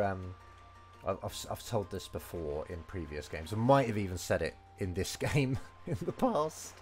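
A man's voice: on the low side, darkish tone. A man teaching Japanese vocabulary and grammar in a casual, rambling way, full of fillers and restarts. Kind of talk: casual game-based language lesson.

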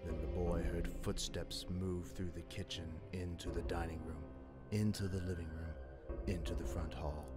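A man with a deep, low voice narrates a scary story. He builds suspense as he tells it. Music plays clearly under him. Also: flat delivery, normal speed. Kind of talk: scripted spooky storytelling.

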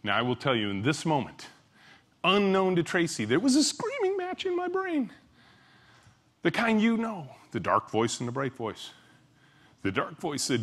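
A middle-aged man, a company CEO, giving a conference keynote. He tells stories animatedly, jumping between loud exclamations and hushed asides. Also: a little high, wildly swooping pitch, normal speed, long pauses. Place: conference stage.

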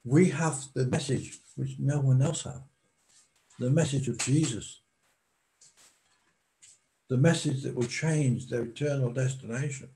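A man preaching a sermon in a slow, deliberate way, pausing for emphasis. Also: mid-range voice, creaky, warm tone, a little hiss or hum, low-quality recording.

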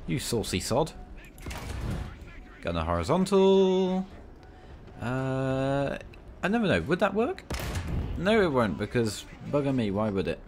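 A man talks through a tank game in a loose, chatty commentary. His voice swings widely in pitch as he cheers, grumbles and scolds enemy players with mock indignation. A faint hiss of noise sits under the recording. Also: takes it slowly, pauses often. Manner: excitable, banters at enemies with mock outrage. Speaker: gaming video creator. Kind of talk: casual gameplay commentary.

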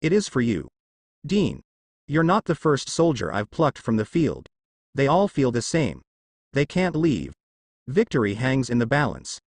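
A calm female reaper, as a man reads her lines, soothing and matter-of-fact. The voice moves lively through its pitch and sits dry and close. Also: measured pace, creaky, no room sound, full character voice.

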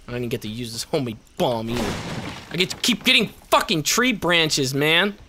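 A man giving loud, profane let's play commentary, reacting to the game with excited yelling. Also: a little high, moderate pace, slight background noise. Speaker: gaming YouTuber. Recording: game music behind voice.

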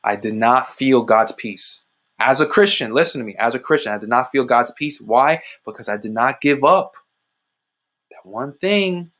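A young adult man sharing a personal faith testimony on a livestream, speaking emphatically and repeating phrases, with sudden rises in pitch. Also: expressive, normal speed, fairly bright tone. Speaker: ministry host giving testimony.

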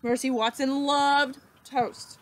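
A woman teacher reading a children's book aloud, slow and expressive with dramatic pauses. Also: sits high.

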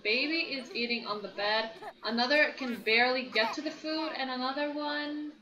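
Young woman gushing over her sim family, bubbly and chatty, high voice, room echo. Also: moderate pace, a crowd in the background. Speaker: gameplay commentator. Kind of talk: casual let's-play commentary. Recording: roomy echo.

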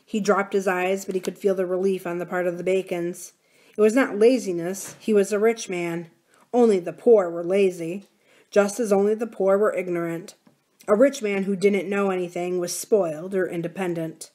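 A woman's voice: medium pitch, steady tone, moderate pace, darkish tone. Woman reading a novel aloud. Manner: gives characters' lines a raised, livelier voice. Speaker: library reader.

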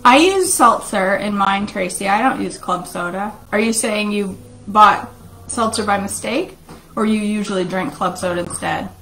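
A woman's voice: mid-range voice, normal speed, a bit bright, poor audio. A middle-aged woman, joking and chatting with viewers while she makes a shake in her home kitchen. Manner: chatty, jokey, talks to viewers while cooking. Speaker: vlog host making a shake. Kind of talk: casual live-stream chat. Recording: home kitchen recording with clear background noise.

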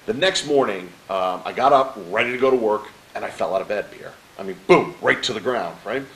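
Speaking a little fast in a lowish voice, a middle-aged motivational speaker recounts something from his own life during an interview. He animates the story by voicing the dialogue and sprinkles in "right?" to keep the host with him. The recording quality is low.

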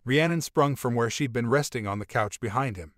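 A man reads a first-person relationship story in a steady, even way. His voice sits at a middle pitch and is recorded dry and close, with no room echo. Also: fairly quick. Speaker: story narrator.

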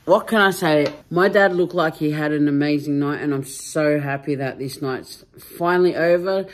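A woman's voice: low-pitched, moderate pace. A woman talks into her phone late at night in a casual vlog. She is chatty and playful, and turns sincere now and then. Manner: chatty and playful, with heartfelt moments. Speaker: vlogger. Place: hall and home at night.

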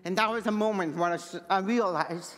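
High-voiced man with a deaf accent preaching. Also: brisk, fairly bright tone, in a large hall, soft background music. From Manitoba, Canada. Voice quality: deaf speech, hard-of-hearing accent. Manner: earnest personal testimony. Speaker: pastor. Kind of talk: sermon. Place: church sanctuary.

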